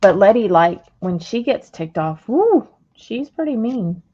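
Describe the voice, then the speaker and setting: An American woman chats on a craft stream, dropping dry, unhurried comments. She speaks very slowly. The sound is muffled and lo-fi. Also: medium pitch, very animated, warm tone. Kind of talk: casual chat while crafting.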